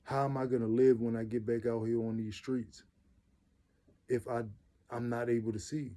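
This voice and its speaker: A man tells his own story in loose, everyday speech. His voice is mellow and dark, set at an ordinary middle pitch. He talks earnestly and leans on repeated phrases for weight. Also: flat delivery, normal speed. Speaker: vlogger telling his own life story. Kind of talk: casual personal storytelling.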